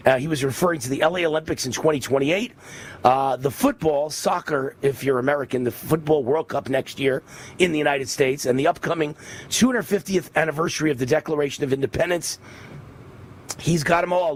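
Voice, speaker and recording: A man from New York hosting a live political commentary show, ranting with loud emphatic delivery. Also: fairly high pitch, fairly quick. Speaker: show host.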